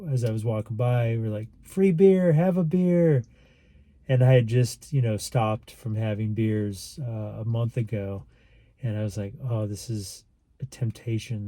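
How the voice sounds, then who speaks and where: A man with a lowish, deeply mellow voice tells a personal story in a casual, rambling way. He is earnest and acts out the lines of the people in it. The sound is dry and close. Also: dry recording. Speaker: vlogger.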